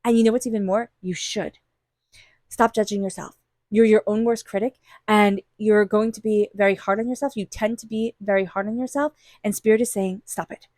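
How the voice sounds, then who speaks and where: A woman's voice: mid-range voice, steady tone, brisk, a little mellow, no echo, clean studio sound. A woman giving an intuitive tarot reading, talking straight to the listener in an earnest, encouraging way. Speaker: tarot reader.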